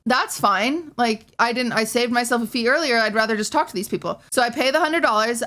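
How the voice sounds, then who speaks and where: A young woman rushes through a frustrated story in a casual rant, slightly high-voiced and quick. She swears freely and slips into quoting other people as she goes. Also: fairly bright tone. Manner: fast, exasperated, swearing, acting out quoted dialogue. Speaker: streamer telling a personal story.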